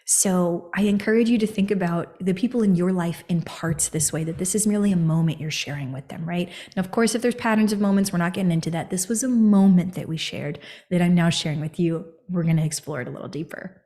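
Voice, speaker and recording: A woman from the United States hosting a podcast, telling a personal story in an expressive coaching manner, sometimes whispering or singing a phrase for emphasis. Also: lowish voice, fast talker, few pauses. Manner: expressive, animated, often drops into a whisper or a sung phrase for emphasis. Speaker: podcast host.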